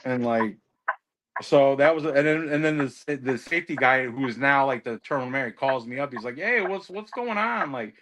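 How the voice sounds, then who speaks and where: A man's voice: medium pitch, steady tone, a little fast, fairly bright tone, slight background noise. A man who drives trucks, chatting casually and telling stories while swearing heavily. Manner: heavy swearing, ranting storyteller. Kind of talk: casual chat.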